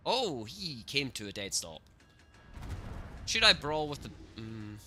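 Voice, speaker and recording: A man streaming gameplay, reacting excitably to the match and talking to his chat, cursing at the game. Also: medium pitch, slow, faint music behind. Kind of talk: live gameplay commentary.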